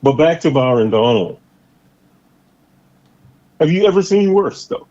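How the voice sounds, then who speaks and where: A man hosts a casual political chat with a mellow, relaxed tone. His pitch rises and falls a lot as he stretches out words for emphasis. The sound is slightly muffled and lo-fi. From Boston area. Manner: animated, drawn-out emphatic delivery. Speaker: podcast host.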